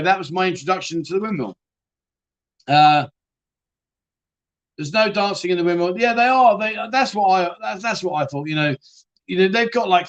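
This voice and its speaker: A man's voice: high-pitched, fairly bright tone. A man hosting a live chat show, rambling and joking as he reads out viewer comments and calls people mate.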